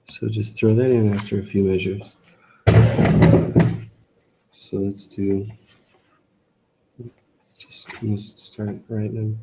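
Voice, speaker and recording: Man, music tutor, casual walkthrough, slow rambling delivery, gravelly fry, middling pitch. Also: little pitch movement, very noisy. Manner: rambling, self-correcting, lots of "like". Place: campus tutoring room.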